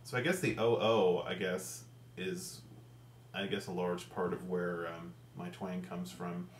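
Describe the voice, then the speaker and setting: Deep-voiced man with a central Ohio accent. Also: little pitch movement, unhurried, reverberant, a little hiss or hum. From central Ohio, USA. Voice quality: strongly rhotic, hard R's. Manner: hesitant, with frequent ums and restarts. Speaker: vlogger. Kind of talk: casual talk to camera.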